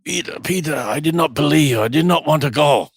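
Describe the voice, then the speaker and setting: A man's voice: fairly high pitch, brisk, creaky, slightly rough, dry recording, clean studio sound, voice pushed up. A man putting on a German accent to voice a big, emotional German man in broken English. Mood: tearful. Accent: mock German.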